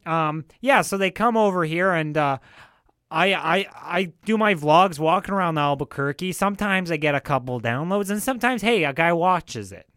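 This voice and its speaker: A man's voice: on the high side, animated, moderate pace, a bit bright, no echo, clean studio sound. A man voicing a touchy, evasive vlogger whose put-on accent keeps wavering. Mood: deadpan. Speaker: comedy sketch character.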